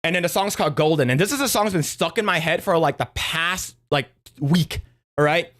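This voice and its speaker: Young male streamer, higher-pitched, loose rambling plot recap with lots of fillers. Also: a little fast, a bit bright. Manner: rambling, many fillers and restarts, acts out quotes. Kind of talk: casual retelling of a movie plot.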